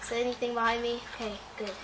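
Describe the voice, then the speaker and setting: A woman with a fairly high voice gives live gameplay commentary on her own channel. She is anxious and talks to the game, repeating short phrases over and over. Clear steady noise runs under the recording. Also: very fast. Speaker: gamer, channel host.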